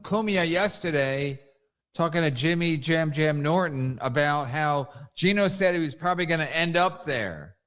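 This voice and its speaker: A man's voice: on the high side, moderate pace, fairly bright tone. A man on a casual stream, asking prodding questions and retelling gossip.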